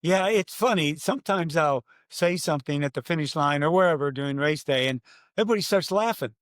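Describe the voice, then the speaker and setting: An older man, a race announcer, telling stories in a podcast interview, animated and acting out his own quotes. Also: fairly high pitch, fairly quick, no room sound, clean studio sound.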